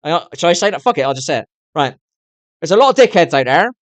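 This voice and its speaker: A man's voice: a little high, sing-song, fast, dry recording. A middle-aged man chatting to his viewers on a live stream, swearing constantly and rambling on in a candid way. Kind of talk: casual rambling chat to viewers.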